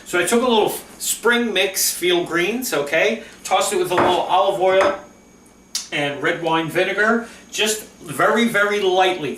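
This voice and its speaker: A chatty, enthusiastic man walks through a home recipe in a bright, forceful voice that sits a little high. His kitchen is echoey, with faint noise in the background. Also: distant mic. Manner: chatty, enthusiastic, says "okay?" often. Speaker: cooking vlog host. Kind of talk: casual cooking demo.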